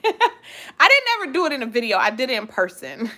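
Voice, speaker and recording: A young woman hosting a live vlog, talking loudly and expressively with frequent giggles. Her voice sits high and bright, and her pitch swoops widely. She chats with her viewers casually. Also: a little fast. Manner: expressive and loud; giggly, laughs often. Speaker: vlog host.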